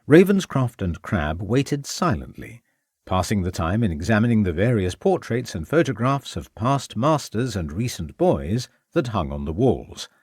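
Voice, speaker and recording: Male audiobook narrator, low expressive voice, dead-dry studio sound. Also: moderate pace, slightly rough, no echo. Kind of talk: scripted narration.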